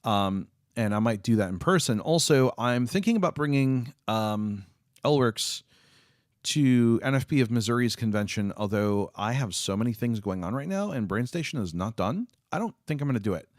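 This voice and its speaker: A man's voice: mid-range voice, animated, normal speed, no echo, clean studio sound. A man chatting casually with viewers on a live stream, rambling with lots of fillers and restarts. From United States.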